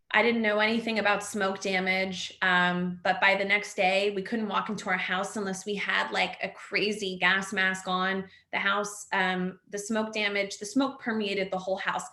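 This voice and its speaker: A woman's voice: mid-range voice, level tone, unhurried, bright, forceful tone. A woman in her thirties, a house fire survivor, telling her story on a webinar in a rambling way full of fillers like "like" and "next thing you know.". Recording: echoey room.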